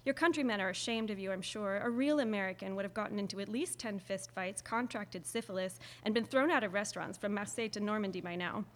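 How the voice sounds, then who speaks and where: A woman voicing a teasing, sharp-tongued young Frenchwoman in an audiobook, with a dry, mocking delivery. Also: medium pitch, quick pace, hardly any pauses, in a large hall, lightly acted. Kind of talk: audiobook character reading.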